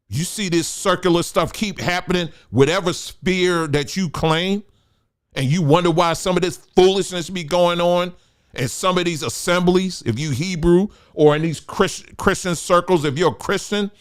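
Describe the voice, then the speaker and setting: Emphatic male commentary host. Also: high voice. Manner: emphatic, preachy, addresses listeners as family; repeats phrases for emphasis. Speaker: show host. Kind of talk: opinion commentary monologue.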